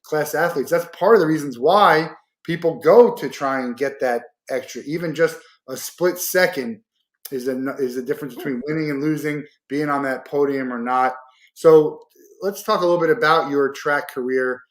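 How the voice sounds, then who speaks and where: A man's voice: fairly high pitch, moderate pace. A man hosting an interview, chatting casually and asking questions with many fillers. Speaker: podcast host. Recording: roomy echo.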